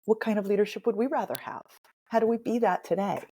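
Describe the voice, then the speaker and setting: A woman dialect coach and author talking as a guest in a podcast interview, animated and emphatic, with playful asides. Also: mid-range voice, quick pace, breathy edge.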